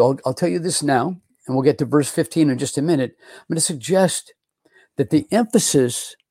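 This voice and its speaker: A man's voice: fairly high pitch, gravelly, mellow, dry recording, clean studio sound. A middle-aged man, a pastor, teaching a Bible lesson in a conversational way, often repeating and restarting words. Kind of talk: sermon-style Bible teaching.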